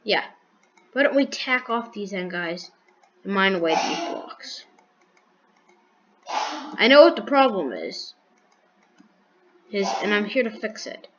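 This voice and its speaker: A woman's voice: medium pitch, very animated, takes it slowly, long pauses, lo-fi sound, noisy background. A woman giving casual commentary while building in a block game, thinking aloud with restarts, counting blocks and making dry sarcastic jokes. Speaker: gaming video creator.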